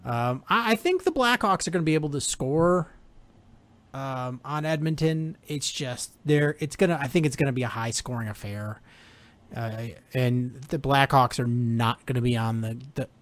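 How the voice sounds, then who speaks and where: A man co-hosting a casual sports podcast, laid-back and joking, often pausing with fillers. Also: medium pitch. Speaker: podcast co-host. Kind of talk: casual sports talk chat.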